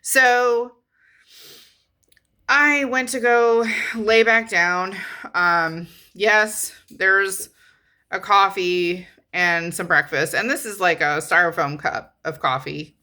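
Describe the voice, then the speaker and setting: A woman's voice: medium pitch, fairly even intonation, slow, sharp tone. A woman in her thirties telling a rambling, frank story to her camera, swearing casually and trailing off often. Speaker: vlogger.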